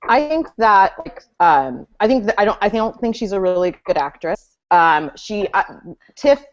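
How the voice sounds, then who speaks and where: A woman's voice: medium pitch, sing-song, normal speed, muffled recording. A woman co-hosting a casual fan chat, talking at length with lots of fillers and restarts. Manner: chatty, hedging with fillers. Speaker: podcast co-host.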